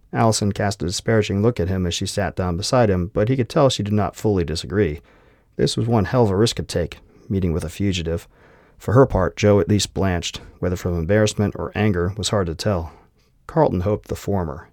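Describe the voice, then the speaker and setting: Male audiobook narrator, lowish voice, dry close recording, steady reading. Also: a little fast, dry recording.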